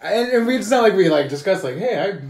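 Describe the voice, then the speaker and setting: A man's voice: high-pitched, very animated, fast. Laughing young man telling crude stories. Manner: laughs through his stories, acts out voices loudly. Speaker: podcast co-host. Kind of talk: crude casual chat. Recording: roomy echo.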